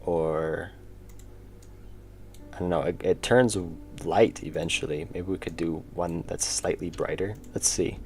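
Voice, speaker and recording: A man's voice: fairly even intonation, measured pace, darkish tone. A man, chatting casually on a livestream while he draws, often muttering to himself. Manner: low-key, mutters to himself while working. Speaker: indie game developer streaming. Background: faint background music.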